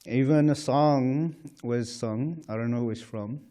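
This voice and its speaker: A man's voice: mid-range voice, a little slow, mellow. A man giving an informal scripture class at a temple, talking conversationally with frequent "you know" and chuckles. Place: temple lecture hall.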